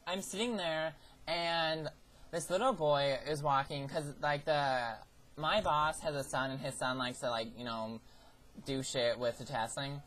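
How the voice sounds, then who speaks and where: A man's voice: a little high, steady tone, measured pace, fairly bright tone, rough recording. A teenage guy vlogging a story about a summer job, in a sassy, profane, theatrical way. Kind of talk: ranting personal storytelling.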